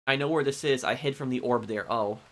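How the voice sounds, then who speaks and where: A man live-streaming a game, chatting casually with viewers in a rambling, halting way full of ums and restarts. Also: mid-range voice, a bit bright. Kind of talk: casual chat answering viewers.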